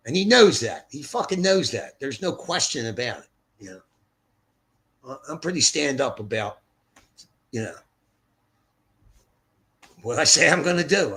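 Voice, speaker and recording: A man's voice: medium pitch, fairly bright tone. Profane, rambling older livestream guy. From Philadelphia. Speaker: livestream host. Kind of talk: rambling casual livestream chat. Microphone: streaming setup mic.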